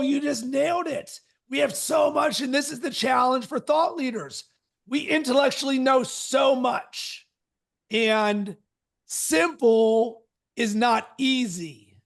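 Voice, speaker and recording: A man with a strikingly high, gravelly voice coaches a live online workshop. He talks with energy and emphasis and leans on short, punchy catchphrases. He is heard through a video call mic.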